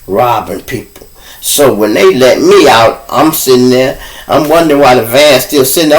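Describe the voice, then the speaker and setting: A man's voice: medium pitch, moderate pace, rough recording. A man hosting a show and telling loose, profane stories in a casual monologue. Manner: loose, profane, animated storytelling. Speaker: host.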